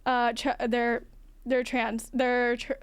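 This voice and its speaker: A non-binary streamer with a feminine-sounding voice, talking frankly in a casual livestream chat, swearing now and then and laughing often. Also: female voice, a little high, level tone, takes it slowly, clean tone. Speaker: livestream host.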